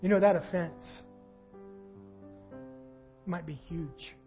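A husky-voiced male pastor preaching a sermon in a church, swinging between quiet reflection and loud fervent passages. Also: fairly high pitch, fairly even intonation, slow pace, highs cut off, faint music behind. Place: church sanctuary.

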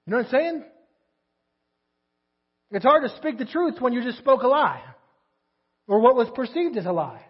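A man's voice: extremely high pitch, sing-song, normal speed, pauses often, breathy edge, dull audio. A man preaching a sermon in a conversational way, asking his listeners rhetorical questions. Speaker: pastor.

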